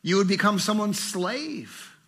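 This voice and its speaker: A middle-aged man preaches with fervor, his voice bright and a touch high. He swings from ringing emphasis to hushed, tender lines. The delivery is heartfelt and driven. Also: expressive, a little slow, creaky. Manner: passionate, swinging between fervent and hushed. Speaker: pastor. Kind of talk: sermon.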